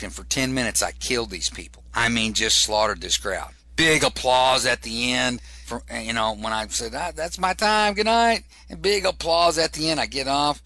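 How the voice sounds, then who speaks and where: A stand-up comedian telling a story in an interview, animated and repeating words for comic effect. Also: male voice, mid-range voice.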